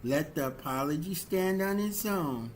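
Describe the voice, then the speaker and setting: A man giving a livestreamed motivational talk on relationships, slow and deliberate, repeating key phrases for emphasis and asking rhetorical questions. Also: a little high, lively intonation, a little hiss or hum. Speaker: relationship speaker.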